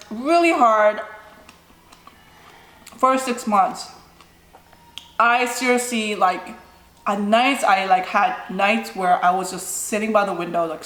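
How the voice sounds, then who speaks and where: In an echoey room, a young woman vlogger answers viewer questions in a casual, rambling chat, peppering it with "like" and "you know." Her voice is mid-range and fairly bright, and her manner is chatty.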